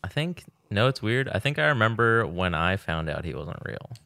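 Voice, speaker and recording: A laid-back man co-hosting a podcast who chimes in easily. His voice is very low and gravelly, with lively swings in pitch. The recording is dry and close. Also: normal speed, no echo. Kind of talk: casual chat.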